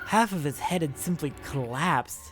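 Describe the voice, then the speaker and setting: A let's play narrator reading a visual novel aloud with expressive commentary and reactions. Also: mid-range voice, normal speed, music in the background. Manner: expressive, reacts with swearing and sympathy.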